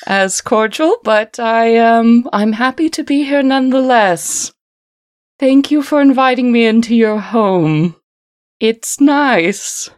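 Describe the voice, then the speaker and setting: A sweet, sing-songy talking flute with a lilting, raised voice, put on by a woman running the game. She speaks in an unhurried, polite way and corrects people with good-humoured patience. The recording is slightly dull. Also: a little high, darkish tone, pitched above the performer's own voice. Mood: welcoming. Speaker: game master.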